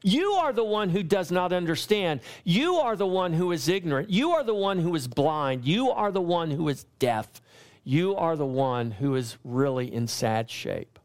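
Man preaching a sermon, fairly high voice. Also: expressive, normal speed. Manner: emphatic preaching with rising repeated lines. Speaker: pastor.

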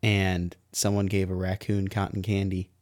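A man with a low voice tells playful stories as a podcast co-host. The sound is dry and close, with no room echo. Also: completely flat delivery, moderate pace, a little mellow. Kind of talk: casual podcast chat.

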